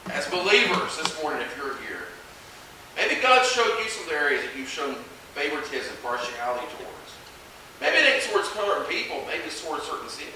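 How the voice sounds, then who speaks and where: A man preaching a sermon in a church in a conversational way, asking the congregation questions and moving between hushed and loud passages. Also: fairly high pitch, very animated, a little fast. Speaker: pastor. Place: church sanctuary. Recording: echoey hall, distant mic, faint hiss.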